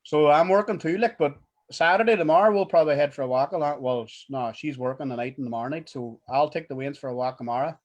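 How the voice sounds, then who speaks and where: A man's voice: a little high, fast, darkish tone, lo-fi sound. A young man with a Northern Irish accent in a casual, sweary podcast chat, rambling and restarting his sentences. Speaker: podcast co-host.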